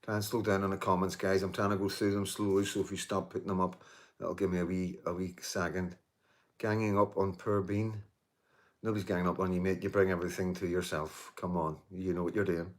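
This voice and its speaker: Man, 50s, low-ish voice, casual live-stream host; emphatic, repetitive, salty with commenters. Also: little pitch movement, fairly quick. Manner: emphatic, repeats himself, many restarts and "you know"; swears and jokes with commenters. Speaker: livestream host reading viewer comments.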